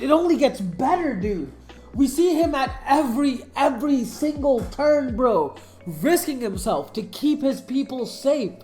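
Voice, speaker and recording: A woman in casual commentary, gushing and profane, a fan who gets swept up in what she loves. Her pitch swings in a lively way. The room is roomy and echoey, with faint music behind. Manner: excitable, profane, emotional fan talk. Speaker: anime commentator.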